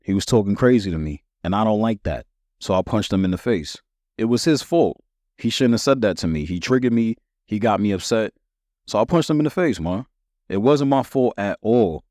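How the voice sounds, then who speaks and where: A man's voice: lowish voice, lively intonation, moderate pace, a little mellow, no echo, studio quality, lightly acted. A man voicing a hot-tempered little boy who blames his brother for a fight. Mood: defensive. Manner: defensive, blaming.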